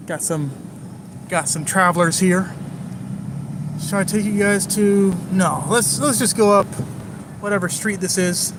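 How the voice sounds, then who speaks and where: A man's voice: high voice, unhurried, long pauses, noisy background. A man chatting casually to live-stream viewers while driving around town, rambling and joking as he goes. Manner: rambling, jokey, talks to chat viewers nonstop. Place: in a car driving through city streets.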